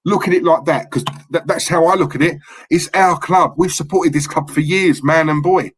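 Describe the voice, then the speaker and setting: A fired-up man talking straight from the heart on a live fan stream. His voice sits a little high and has a husky edge. He keeps pressing his points with blunt, passionate conviction. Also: normal speed, poor audio. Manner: passionate, impassioned ranting. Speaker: fan channel co-host.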